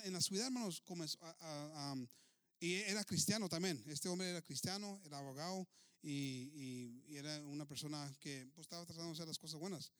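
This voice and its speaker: Stammering bilingual preacher, fairly high voice. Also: male voice, fairly bright tone, dry recording. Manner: stammering restarts, repeating words, calling listeners brothers. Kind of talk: bilingual sermon, interpreting himself.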